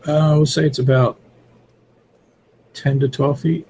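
A man's voice: fairly high pitch, little pitch movement, a little slow, a little mellow, slightly rough, rough recording. A man running a tabletop horror game as game master, describing scenes hesitantly with many fillers.

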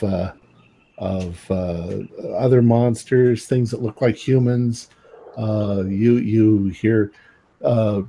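A man's voice: on the low side, dark tone. Rambling man running a tabletop game. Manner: rambling, many filler sounds. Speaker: game master.

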